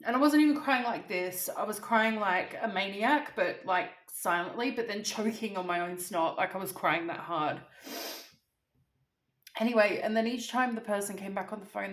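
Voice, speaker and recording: A woman vlogger telling a story in a chatty, animated way, a bit teary and emotional. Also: medium pitch, moderate pace. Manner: chatty, animated, laughs, acts out phone calls. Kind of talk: casual storytelling to camera. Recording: echoey room.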